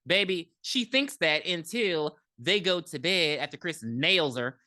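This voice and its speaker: A woman's voice: low voice, measured pace, no echo, studio quality. A woman co-hosting a podcast, recapping a movie in casual, profane chat and acting out the characters' lines. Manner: animated, profane, acts out characters in quotes. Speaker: podcast co-host.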